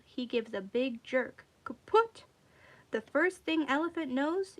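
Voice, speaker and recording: A woman reading a folk tale aloud expressively, acting out its sound words. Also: sits high. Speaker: storyteller.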